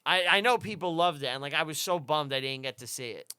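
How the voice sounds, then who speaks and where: A man's voice: on the high side, fast, clean tone, dry recording, studio quality. A man co-hosting a podcast, retelling movie scenes in casual chat and acting out the characters' lines. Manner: animated storyteller, acts out characters' lines. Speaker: podcast co-host.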